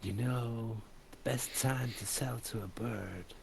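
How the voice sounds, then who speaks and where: A man acting out a sly bird-folk hero in a tabletop game, purring slowly in a put-on smooth voice. The pitch climbs from low and gravelly to a high chirp. A faint hum sits in the background. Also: darkish tone. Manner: sly, drawn-out delivery.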